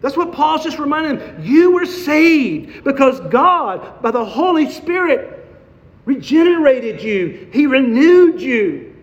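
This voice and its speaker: A man's voice: very high voice, sing-song, slow. A male preacher giving an expository sermon, posing rhetorical questions and driving points home by repetition. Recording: dull sound with long hall reverb.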